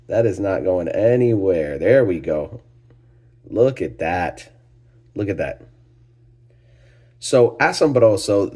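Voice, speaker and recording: Low and raspy, the host of a spirits-review vlog chats excitedly on camera during a casual tequila tasting for his channel. Enthusiasm pours out as he marvels at the aromas with frequent sighs and plenty of "oh my gosh."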